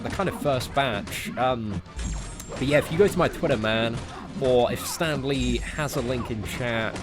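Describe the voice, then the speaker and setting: A young British man in his twenties, livestreaming a game and bantering casually with his chat in a laid-back, jokey way. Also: medium pitch. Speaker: gaming livestreamer. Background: music playing.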